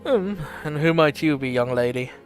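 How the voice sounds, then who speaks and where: Man voicing a gruff old retired nobleman, blustery, barking, faint music in the background. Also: on the high side, lively intonation, normal speed, lightly acted. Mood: grumbling. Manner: blustery, barking, swears often.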